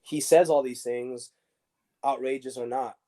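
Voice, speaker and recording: A man's voice: medium pitch, a little slow. A man, a former pro soccer player, telling stories casually as an interview guest and acting out the dialogue. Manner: animated storyteller acting out dialogue.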